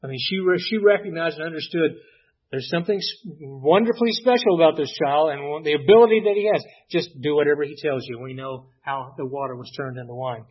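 A man preaching a sermon, retelling a Bible story in an unhurried way with many pauses and "uh"s. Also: fairly high pitch, slightly rough. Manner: unhurried storytelling, frequent "uh" and restarts. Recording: dull lo-fi recording.

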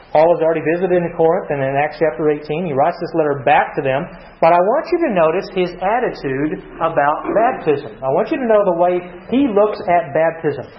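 A fairly high-voiced man leads a Bible study, reading verses and quizzing the room with repeated, restarted phrases. His voice rings around a reverberant hall on a muffled, lo-fi recording. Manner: asks the audience questions, repeats and restarts. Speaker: Bible teacher. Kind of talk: interactive Bible study sermon.

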